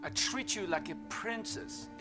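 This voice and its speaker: Jealous betrayed man, stilted and melodramatic, high animated voice. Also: unhurried, over loud music. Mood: hurt. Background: film score.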